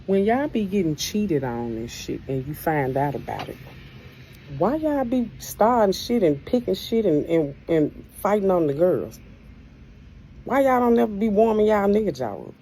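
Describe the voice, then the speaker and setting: A woman's voice: low voice, expressive, moderate pace, mellow, slightly rough, poor audio. A woman telling a personal story in a blunt, profane, conversational rant.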